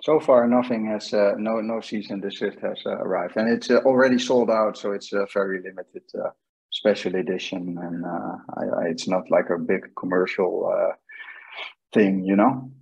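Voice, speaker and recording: A man's voice: on the low side, steady tone, normal speed, creaky, darkish tone, husky, lo-fi sound. A man from the Netherlands, a guest chatting hesitantly with lots of fillers over a remote call. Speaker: guest fan. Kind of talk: casual interview chat.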